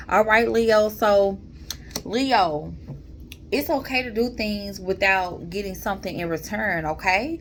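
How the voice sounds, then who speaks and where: Mellow, chatty woman reading tarot. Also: medium pitch, unhurried, slight background noise. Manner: chatty, drawling, addresses viewers as y'all; calm and mellow. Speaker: tarot reader.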